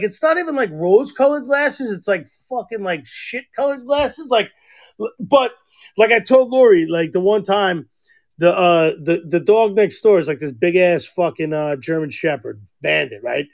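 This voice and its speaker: Podcast co-host, man, high and gravelly, rambling crude storyteller. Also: moderate pace. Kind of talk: casual chat.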